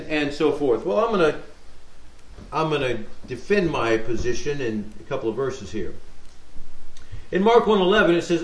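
A man leading a Bible study, reading scripture aloud and talking it through conversationally with rhetorical questions. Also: a little high. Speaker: Bible teacher. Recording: echoey room sound.

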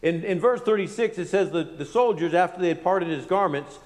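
A man teaching verse by verse from the Bible. He reads King James passages aloud, then explains them plainly, with unhurried pauses and "uh" fillers. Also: high voice, in a large hall.

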